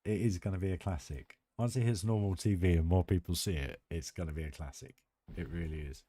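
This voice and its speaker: A man's voice: low voice, fairly quick, mellow, dry recording. A British man live-streaming a building game, chatting enthusiastically and rambling with restarts. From United Kingdom. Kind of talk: casual live-stream chat while building.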